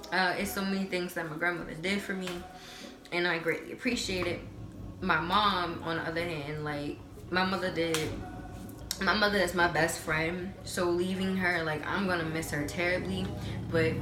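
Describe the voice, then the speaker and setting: A young woman in her late teens, an incoming college freshman, telling stories in a casual vlog with a chatty, animated manner. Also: on the low side. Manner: chatty, animated, lots of fillers. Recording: roomy echo with background music.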